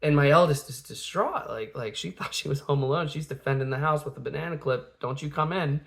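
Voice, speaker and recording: A man's voice: fairly high pitch, a little fast, gravelly, fairly bright tone. A man in his thirties, a father telling a family story in a casual, rambling way, full of fillers and restarts, acting out the quotes.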